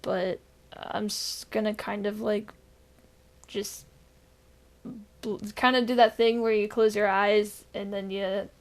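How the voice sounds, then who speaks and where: A woman co-hosting a casual podcast chat, tired and deadpan after being sick, rambling with fillers. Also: medium pitch, slow pace, long pauses. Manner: rambling with frequent fillers and laughs. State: recovering from illness. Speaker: podcast co-host.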